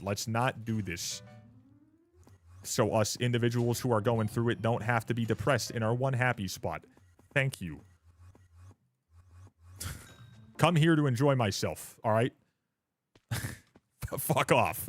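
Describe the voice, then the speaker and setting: Picture a young man from Canada talking to his live-stream chat in a casual, blunt way. He swears freely and rants without much restraint. He breaks into laughter often, and his voice sits at a middle pitch for a man. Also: unhurried, long pauses.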